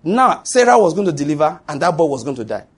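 Male preacher, middle-aged, emphatic, higher voice with a husky edge. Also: very animated, quick pace. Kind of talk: sermon.

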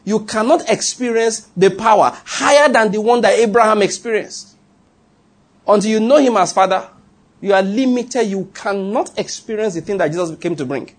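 Male preacher, high-pitched, repetitive teaching delivery in a sermon. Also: normal speed. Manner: teaching, reads scripture aloud with emphatic repetition.

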